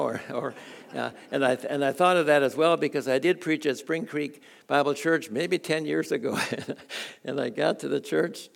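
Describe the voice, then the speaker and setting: An older man giving a folksy sermon, telling chuckling personal stories and reading scripture with halting restarts. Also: a little high, vocal fry. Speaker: guest preacher.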